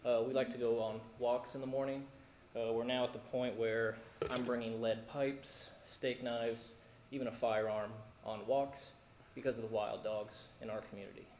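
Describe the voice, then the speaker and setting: A man, speaking in earnest, halting public comment at a city council meeting. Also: mid-range voice, flat delivery, darkish tone. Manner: earnest, worried, halting with fillers. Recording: echoey council chamber, faint room noise.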